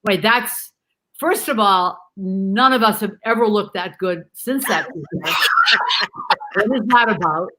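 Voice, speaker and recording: A woman chatting as a guest over a video call from home, animated and affectionate, calling people dear and love. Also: mid-range voice, slow pace, poor audio. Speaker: guest on a livestream talk show. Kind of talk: casual video-call chat. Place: home in Canada.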